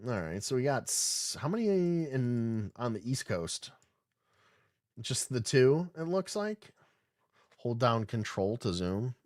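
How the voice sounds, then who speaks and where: A man hosting a casual livestream podcast, reading articles aloud and breaking off to riff on them. His talk is irreverent and laced with swearing. His voice sits at an ordinary middle pitch and sounds dry and close, with no room around it. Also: sing-song, slow, a little mellow, dry recording. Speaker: podcast host.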